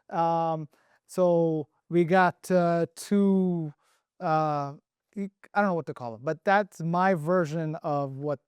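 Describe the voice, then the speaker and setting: Male online teacher, upbeat and jokey, higher-pitched, dry close sound. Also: a little mellow, clear, resonant tone, no echo. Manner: playful, joking, thinking aloud. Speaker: Arabic letter teacher. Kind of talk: casual online lesson.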